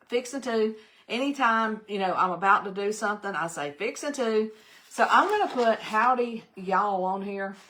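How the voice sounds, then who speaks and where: Older Southern woman, livestream craft host; slow, folksy, chatty, faint background noise. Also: medium pitch, fairly bright tone. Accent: Southern American. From American South. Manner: chatty, greets viewers by name, folksy. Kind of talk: casual live craft demo.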